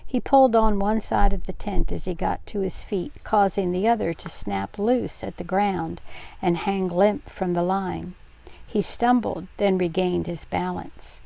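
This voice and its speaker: An older woman reading a novel aloud in a steady, unhurried way. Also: medium pitch, creaky. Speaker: read-aloud host.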